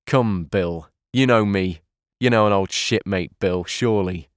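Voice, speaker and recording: A man's voice: fairly low pitch, unhurried, dry recording, clean studio sound, close to an everyday voice. A man voicing a fawning, sneering old male pirate with a sly, wheedling way of talking.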